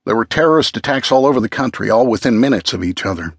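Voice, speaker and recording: A man's voice: medium pitch, fast talker, gravelly, breathy edge, dry recording, studio quality. A man playing a firm, commanding father. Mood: urgent. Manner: firm, steady instructions. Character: calm, commanding middle-aged father.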